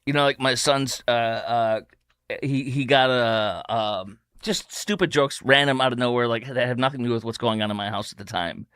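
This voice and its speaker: A man's voice: medium pitch, normal speed, a bit bright, clean tone, dry recording, clean studio sound. A man hosting a political commentary show, talking in a sarcastic, mocking way. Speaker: host.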